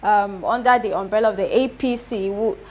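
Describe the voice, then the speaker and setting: A woman's voice: mid-range voice, brisk, a little hiss or hum. A woman from Nigeria hosting a TV interview, asking questions with brief hesitations. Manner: brief prompts, echoes the guest's words. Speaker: TV host. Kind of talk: TV studio interview.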